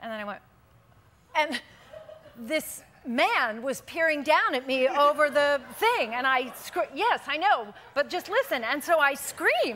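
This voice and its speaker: Bright, high-voiced woman telling a lively story. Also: measured pace, a little hiss or hum. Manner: animated storyteller, laughs often. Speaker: talk show guest. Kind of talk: late-night interview chat. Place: television studio.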